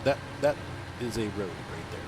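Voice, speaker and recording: A man's voice: on the low side, animated, normal speed. Stuffy-nosed man narrating a truck game. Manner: rambling, joking, self-deprecating. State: stuffed-up nose from allergies. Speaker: gaming channel host. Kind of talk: casual let's-play commentary. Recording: game engine and vehicle noise behind.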